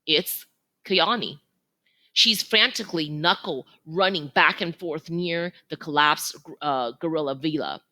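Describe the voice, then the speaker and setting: A woman reading a children's novel aloud in an expressive, animated way. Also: deep voice, unhurried. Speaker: reader.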